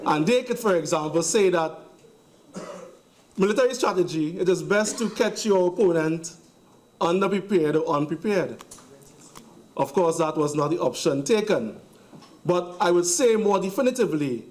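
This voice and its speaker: Man, Trinidadian accent, high voice, parliamentary debate, sarcastic, emphatic repetition. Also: lively intonation, normal speed, darkish tone. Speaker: member of parliament. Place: parliament chamber.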